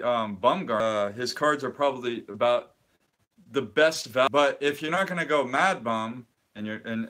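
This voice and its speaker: A man's voice: medium pitch, a bit bright. A middle-aged man talks casually on a live stream, wandering from thought to thought. He restarts often and lets his sentences fade out before he finishes them. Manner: rambling, chatty, trails off mid-sentence. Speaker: co-host of a live card-collecting stream.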